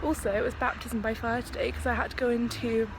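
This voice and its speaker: A woman's voice: on the high side, level tone, fast. A woman chatting to camera as a travel vlogger while walking outdoors, laughing often as she tells stories. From England. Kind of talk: casual vlog chat. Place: outdoors, walking through a windy town. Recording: wind noise on an outdoor camera mic.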